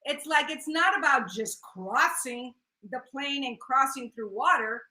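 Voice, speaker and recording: A woman co-hosts a casual chat with gushing, excitable energy. Her voice sits high and bright. The room around her is echoey. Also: unhurried, a little hiss or hum. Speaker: co-host.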